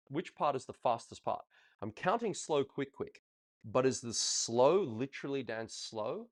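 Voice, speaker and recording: A man coaching a ballroom student over video, chatty and encouraging, counting steps out loud. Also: mid-range voice.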